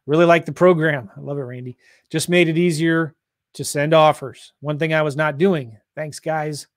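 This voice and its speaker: A man from St. Louis coaching real estate investors on a livestream, pushing hard in an energetic sales style. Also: fairly high pitch, moderate pace, no room sound, studio quality. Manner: pushy, energetic sales talk.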